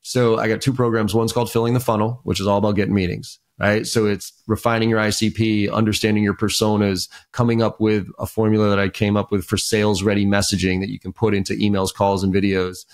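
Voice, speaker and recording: A man's voice: lowish voice, quick pace, hardly any pauses. A man, a sales trainer, talking as a guest in a casual podcast interview and telling stories with energy. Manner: animated storyteller, many fillers and restarts.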